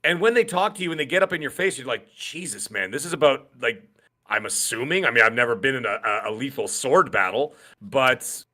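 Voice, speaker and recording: A man co-hosting a gaming podcast in casual chat, excitable and given to acting out lines from games. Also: mid-range voice, fairly quick. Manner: excitable, acts out game characters' lines. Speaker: podcast co-host.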